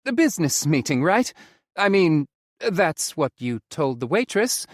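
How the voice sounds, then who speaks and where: A man's voice: big pitch swings, measured pace, no room sound. Guy narrator doing a cheeky teasing young man, bouncy lilting voice, dry close sound. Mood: insistent. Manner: teasing, lilting and raised in pitch. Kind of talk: audiobook character voice.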